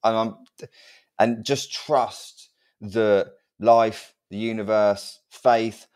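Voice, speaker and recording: A man with a lowish voice co-hosting a casual podcast. He talks earnestly and with emphasis, urging commitment, and drops in casual swearing. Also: steady tone, very slow, darkish tone, smooth. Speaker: podcast co-host. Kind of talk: casual chat.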